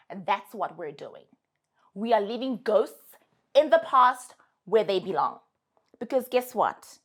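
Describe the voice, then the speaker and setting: A young adult woman with a South African accent, giving casual, emphatic advice to her followers. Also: medium pitch. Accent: South African English. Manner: animated, emphatic, sassy.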